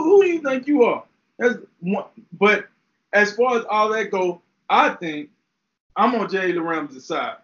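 A young man co-hosting a sports talk show, animated and slangy as he argues his take. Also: high-pitched, lo-fi sound. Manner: fired-up, talks trash, slangy. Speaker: podcast co-host, former player.

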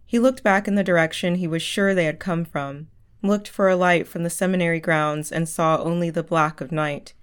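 A woman narrates a story in a measured audiobook reading. Her voice is smooth and resonant and sits a little low. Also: fairly even intonation.

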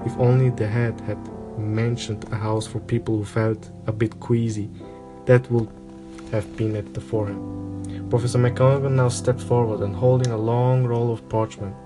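A man calmly narrating a storybook aloud, with an even reading pace and small slips. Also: mid-range voice, moderate pace, music in the background. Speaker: audiobook reader.

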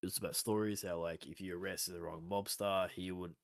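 A man's voice: low-pitched, steady tone, a little fast, creaky, no echo, clean studio sound. A young Australian man telling rambling, sweary stories as a podcast co-host. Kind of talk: casual chat.

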